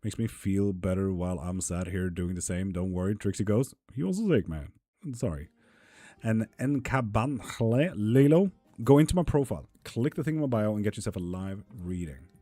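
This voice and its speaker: Low-voiced man chatting on a live stream. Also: lively intonation, moderate pace, dark tone, no echo. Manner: chatty, calls viewers honey, swears freely. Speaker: tarot reader and live streamer. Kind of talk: casual live-stream chat.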